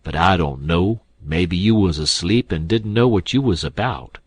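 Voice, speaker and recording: List: man playing a sly old con man, drawling, wheedling, deep husky voice, dry sound. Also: big pitch swings, unhurried, no echo, heavily acted. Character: older male swindler, sly and whining.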